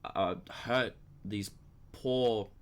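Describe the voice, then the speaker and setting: A man's voice: on the low side, very slow. A young man hosting a podcast, talking casually in long, rambling stretches with hesitant restarts. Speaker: podcast host. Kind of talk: casual chat.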